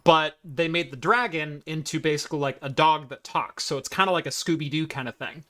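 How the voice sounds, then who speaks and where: A man co-hosting a casual tech podcast, chatty, with halting restarts. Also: fairly high pitch, sharp tone. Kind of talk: casual chat.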